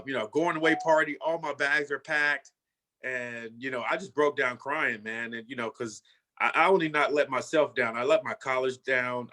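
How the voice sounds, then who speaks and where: A man's voice: mid-range voice, bright, forceful tone. A man in his fifties, a former football player, telling his story in a casual way and often saying "you know" and "man".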